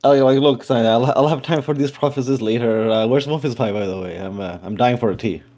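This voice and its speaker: A man's voice: mid-range voice, fast talker, warm tone, close to an everyday voice. A man playing an impatient, suspicious man in a tabletop game, talking bluntly and irritably. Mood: breezy.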